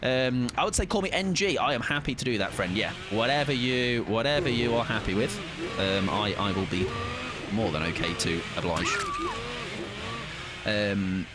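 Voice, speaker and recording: A man with a lowish voice talks at a moderate pace while live-streaming a game. Playful and chatty, he greets viewers and tosses in jokey asides throughout his casual commentary.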